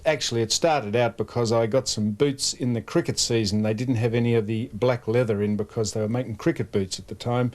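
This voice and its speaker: An Australian man who used to play football answers interview questions with dry, wisecracking humor. His voice sits fairly low. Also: a little mellow. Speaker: interview guest, former footballer. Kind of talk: casual interview.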